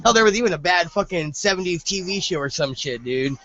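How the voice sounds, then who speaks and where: A man's voice: high voice, animated, brisk, sharp tone. A man co-hosting a podcast in casual chat, rambling and joking with lots of swearing. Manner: rambling, profane, jokey. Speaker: podcast co-host. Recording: dull lo-fi podcast audio.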